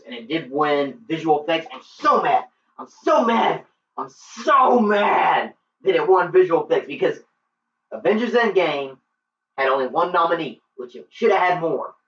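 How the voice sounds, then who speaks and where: A man's voice: on the high side, a bit bright, slight background noise. An eager man rambles through a casual movie review, full of ums and restarts. He sits some way off the mic in an echoey room, and the sound is dull and lo-fi. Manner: eager, rambling, many fillers. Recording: roomy, distant, dull lo-fi.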